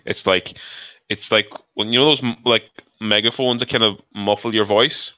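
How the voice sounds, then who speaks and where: A man co-hosting a podcast over a video call, talking in a halting, rambling way with many restarts. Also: lowish voice, fairly even intonation, dry recording. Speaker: podcast co-host. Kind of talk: casual chat. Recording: muffled lo-fi call audio.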